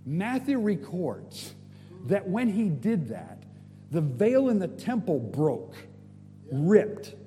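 A man preaching a sermon, telling stories in an animated way with casual slang. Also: sits high, takes it slowly, long reverb tail, soft background music. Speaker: guest preacher.

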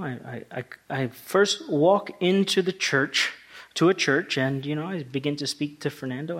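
A male pastor preaching a sermon, talking through scripture in a conversational way that rises to emphatic passages. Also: fairly high pitch.

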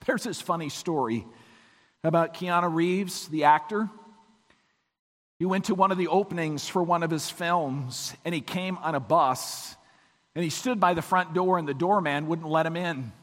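A man preaching a sermon as pastor, his voice weakened this morning, swinging from hushed moments to emphatic peaks. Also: fairly high pitch, normal speed, long reverb tail. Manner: dramatic swings from quiet to emphatic. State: weak voice.

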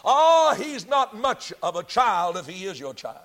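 Preacher putting on a sly accusing devil. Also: male voice, on the high side, animated, normal speed, a bit bright. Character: scheming male devil accusing a believer.

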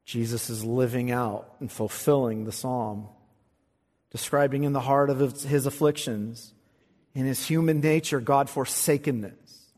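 A man preaching an expository sermon, swinging from quiet, low asides to loud, fervent recitation of scripture. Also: fairly even intonation, a little slow. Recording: long hall reverb.

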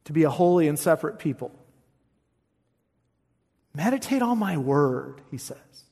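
A man preaching a sermon, reading scripture with emphasis and rising high on the quoted verses. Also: very animated, unhurried, mellow, breathy edge. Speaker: pastor. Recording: long reverb of a large hall.

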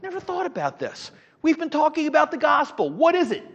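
A middle-aged man teaching a Sunday school class, animated, with rhetorical questions and frequent restarts. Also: very high-pitched, brisk. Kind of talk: Bible teaching. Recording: dull lo-fi sound with long hall reverb.

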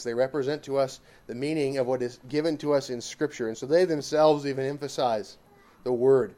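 Man with a fairly high voice, Bible teacher, emphatic, drives points home with repetition. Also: warm tone. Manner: emphatic, with rhetorical questions and repetition. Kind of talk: catechism teaching.

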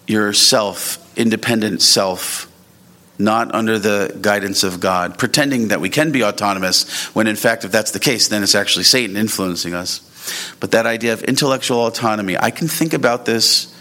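A man preaching a sermon as a pastor, earnest and rising sharply in pitch when he presses a point. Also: sharp tone.

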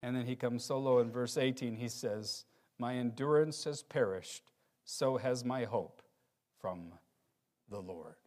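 In an unhurried sermon, a male pastor recites scripture, his voice rising to loud emphasis and then dropping into quiet, low passages.

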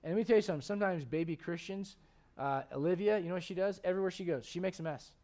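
A man in his thirties, a pastor preaching a lively, conversational sermon with frequent restarts. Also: high-pitched, very fast.

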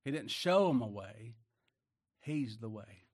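A man preaching a sermon, swinging from quiet asides to loud emphatic bursts, with folksy talk and chuckles. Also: mid-range voice, animated, slow pace, dry recording, studio quality.

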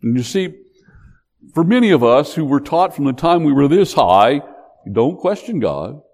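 A man preaching a sermon in an animated, emphatic way. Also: on the high side, normal speed. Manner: animated, emphatic, acts out quotes.

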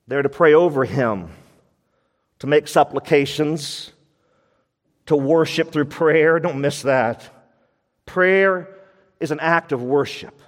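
Male pastor, high voice, emphatic sermon delivery with repeated points, church hall with long reverb. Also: slow, pauses often. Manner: emphatic, repeats key phrases.

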